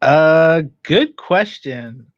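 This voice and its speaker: A man's voice: a little high, lively intonation, very slow, dry recording, lo-fi sound. A man co-hosting a radio morning show, giving brief casual replies. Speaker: radio show co-host and producer.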